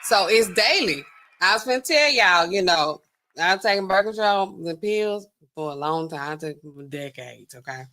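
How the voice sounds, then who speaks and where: A middle-aged pharmacist hosts a casual livestream, speaking directly to her chat in a loose, easygoing manner and slowing down to sound out long drug names. Her voice is bright and forceful, fairly low in pitch, with lively intonation.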